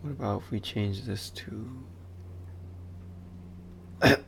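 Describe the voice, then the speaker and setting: Unhurried, gravel-voiced male instructor talking through his live modeling session, faint hiss in the recording. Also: fairly low pitch. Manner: muttering, self-talk, dry asides while working. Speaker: 3D modeling instructor streaming a class. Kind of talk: casual live-stream tutorial commentary.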